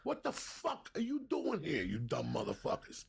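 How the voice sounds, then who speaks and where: A man voicing an angry male street cop who yells at two kids in a car, in a raspy voice. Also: fairly high pitch, huge pitch swings, moderate pace, pitched above the performer's own voice, heavily acted. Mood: furious.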